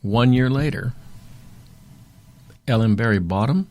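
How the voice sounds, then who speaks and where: A middle-aged man, a talent agency owner, telling his story in a rambling, animated interview way. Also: medium pitch, unhurried. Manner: rambling, fillers, animated retelling.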